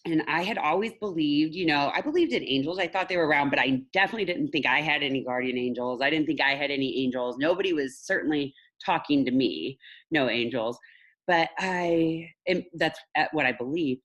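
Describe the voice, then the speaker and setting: A woman's voice: fairly low pitch, expressive, normal speed, fairly bright tone, slightly rough. A woman who works as a mindset coach tells a personal story in a candid, emotional way during a live online class. She laughs at her own slips and speaks straight to her viewers.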